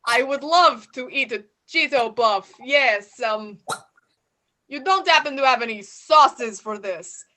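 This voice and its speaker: Woman playing Dracula, put-on foreign accent, evasive, high voice, bright tone. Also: slow. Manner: evasive, insistent denials. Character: Dracula posing as an ordinary American man. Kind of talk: improv comedy.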